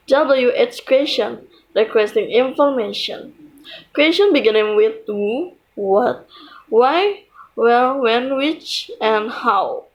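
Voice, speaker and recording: A young woman, a student slowly and carefully reading a prepared class presentation, pausing between phrases. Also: fairly high pitch, animated, poor audio. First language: Indonesian.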